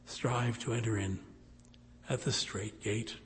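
A man preaching a sermon, pleading with his listeners and rising to loud appeals. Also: on the low side, fairly even intonation, slow, a little hiss or hum. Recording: long hall reverb.

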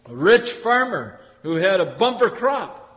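A man with a high voice preaches in a folksy, conversational manner, tossing rhetorical questions at his listeners. His words ring out with a long hall reverb. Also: sing-song, a little slow, a bit bright. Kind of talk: sermon.

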